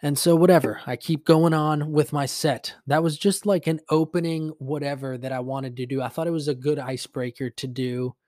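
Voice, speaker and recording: A young man hosting a podcast, telling a story casually with lots of swearing, fillers and animated retelling. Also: fairly high pitch, moderate pace, few pauses, dry recording, clean studio sound. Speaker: podcast host.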